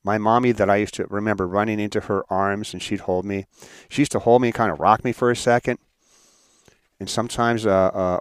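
Low-voiced guy telling his story to a crowd, stumbles and repeats words, dry close sound. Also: no echo. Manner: halting, repeats words, heartfelt. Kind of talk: personal story in a motivational talk.

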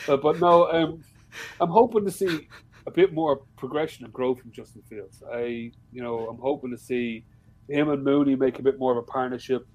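A man's voice: mid-range voice, normal speed, poor audio. Sweary Irish man chatting casually. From Ireland. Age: adult, with a father-in-law. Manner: swears freely, animated storytelling. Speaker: podcast guest. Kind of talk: casual chat.

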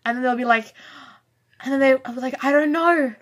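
A woman with a South African accent talks as a podcast guest. Her voice sits high, and she objects in quick disbelief in the casual back-and-forth. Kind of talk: casual chat.

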